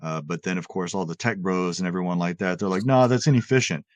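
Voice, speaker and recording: A man discussing philosophy in casual conversation, animated and often restarting his words as he paraphrases an author. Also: sits low, quick pace, no room sound. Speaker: podcast co-host.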